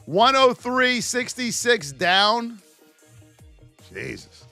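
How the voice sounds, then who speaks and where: A man's voice: very high voice, big pitch swings, drawn-out words, vocal fry, bright, forceful tone, faint music behind. A man hosting a live stream, calling out stock price levels and joking energetically with his viewers. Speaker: trading educator. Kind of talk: live-stream market commentary.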